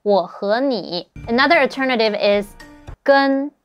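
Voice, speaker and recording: A woman whose first language is Mandarin, teaching in a casual lesson and repeating example phrases slowly and plainly. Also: a little high, animated, faint music behind. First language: Mandarin Chinese.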